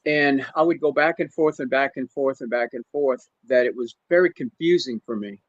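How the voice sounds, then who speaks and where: A man telling a personal story in a casual podcast chat, halting and emotional, with many restarts. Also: medium pitch, no room sound, muffled recording. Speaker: guest. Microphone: remote stream call.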